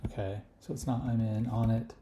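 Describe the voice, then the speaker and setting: A man thinking aloud as he works through a crossword, slowly reading clues half to himself. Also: on the low side, level tone. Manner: slow, musing, reads clues half to himself. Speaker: puzzle solver. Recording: echoey room with clear background noise. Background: keyboard clicks and typing.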